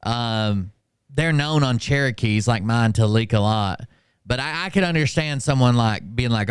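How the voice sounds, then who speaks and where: A man casually telling a story on a stream, ranting in a profane and animated way. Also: mid-range voice, unhurried, clear, resonant tone, dry recording, clean studio sound. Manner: profane, animated, full of fillers and restarts.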